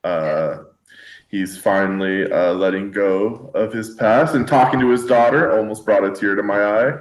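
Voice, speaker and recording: Laid-back low-voiced man in an echoey room. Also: normal speed. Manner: jokey, laughs often. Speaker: host. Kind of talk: casual chat.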